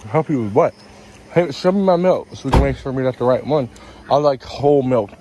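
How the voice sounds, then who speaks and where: A man playing the son in an improvised comedy sketch, filming on his phone and teasing in a deadpan, needling way. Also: mid-range voice, fairly quick, noisy background. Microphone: phone camera held by himself.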